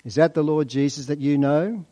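A man preaching a sermon, asking rhetorical questions and slowing down to stress key points. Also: on the high side, dark tone.

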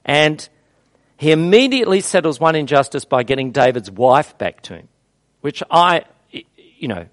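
Lively man preaching. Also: fairly high pitch, normal speed, dry recording. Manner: conversational, animated storytelling, rhetorical questions. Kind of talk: expository sermon.

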